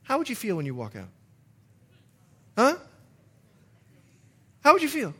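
Animated high-voiced man preaching. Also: measured pace, breathy edge. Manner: animated, acts out dialogue with sudden drops to a low growl. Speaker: pastor. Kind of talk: sermon.

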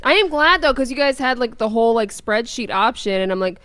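A woman's voice: on the high side, lively intonation, a little fast, a bit bright, dry recording. A woman guesting on a podcast over a video call, breezy and teasing. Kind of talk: casual podcast chat.

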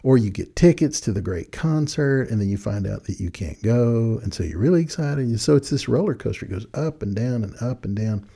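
An older man giving friendly, animated advice to young people in a folksy storytelling manner. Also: mid-range voice, fairly quick, creaky, few pauses, slightly rough. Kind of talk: casual talk.

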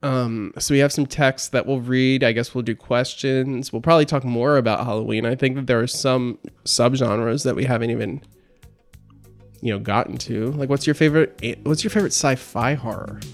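A man's voice: mid-range voice, fairly even intonation, moderate pace, faint music behind. A man co-hosting a podcast in casual chat, rambling with lots of filler words and frequent laughter. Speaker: podcast co-host.

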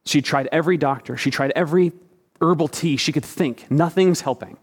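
A man's voice: fairly high pitch, fairly quick, husky. A man preaching a sermon, retelling the story vividly and acting out the quoted lines. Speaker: pastor. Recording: echoey hall.

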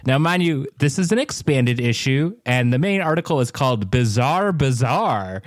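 A man's voice: medium pitch, animated, normal speed, no room sound. A young man co-hosts a casual podcast, riffing on tangents with a joking tone. His mid-range voice sits close and dry in the recording. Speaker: podcast co-host. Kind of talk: casual comedic podcast chat.

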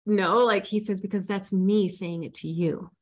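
A woman's voice: medium pitch, fairly even intonation, moderate pace, a little mellow. Woman, forties, life coach in an interview. Earnest and spiritual, retells her own story with feeling and many restarts.

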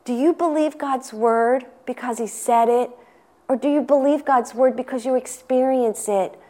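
A woman giving an earnest devotional sermon, asking the listener questions and speaking with unhurried emphasis. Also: sits high, warm tone. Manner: earnest, asks the listener questions, reads quotations. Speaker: Sunday school teacher giving a devotional.

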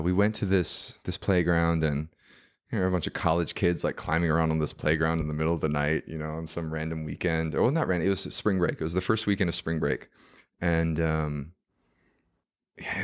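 A man, a podcast guest, telling a story in a casual, rambling way, full of fillers and acted-out quotes. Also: sits low.

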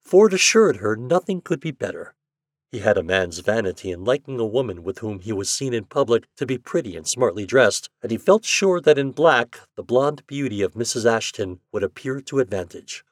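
A man with a voice on the low side and lively intonation speaks at a moderate pace in clean studio sound with no room echo. He hosts an audio fiction podcast, narrating classic stories from a script in a friendly, conversational way.

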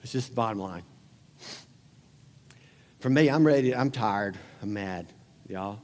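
A man preaching a sermon as pastor, conversational and animated, acting out scenes and closing in prayer. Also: on the low side, a little slow, long reverb tail.

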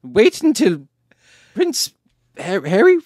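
A man putting on an impression of an elderly, forgetful, stubborn queen in a shrill, quavering voice. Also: huge pitch swings, slow, darkish tone, no room sound, studio quality, exaggerated voice. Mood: defiant, giggly.

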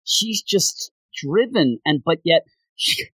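A man co-hosting a casual chat about a manga, animated and acting out characters' lines. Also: fairly high pitch, slow, slightly rough, dry recording, rough recording. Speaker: podcast co-host.

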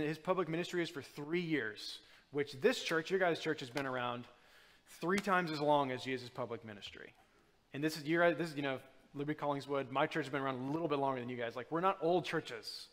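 A man's voice: fairly high pitch, a bit bright, long reverb tail. A man giving a sermon as a guest preacher, talking casually with many fillers and restarts. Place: church.

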